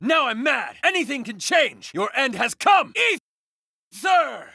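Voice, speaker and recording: A fierce young sword fighter in a fighting game, shouting defiant battle calls. Her voice is high with a gravelly edge and lively, bright delivery. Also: measured pace, exaggerated voice. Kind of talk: video game voice acting.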